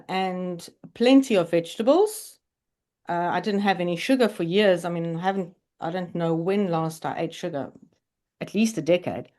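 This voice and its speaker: Woman in her forties, lowish voice, podcast guest, candid and earnest personal storytelling. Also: a little mellow. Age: 40s.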